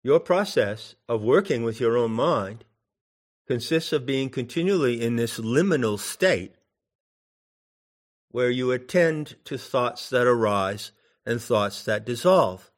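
A man giving slow meditation instruction in drawn-out phrases with long pauses. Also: medium pitch. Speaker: meditation teacher.

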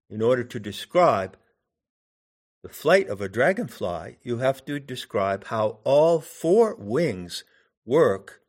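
Slow, deliberate male teacher. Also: medium pitch. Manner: deliberate, poses questions to the listener. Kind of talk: meditative teaching talk.

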